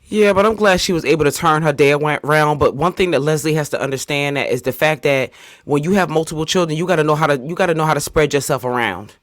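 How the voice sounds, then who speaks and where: A man's voice: fast, a bit bright. Stammering man in heartfelt casual commentary. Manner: stammering, heartfelt, rises high when pleading. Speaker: host reacting to a clip.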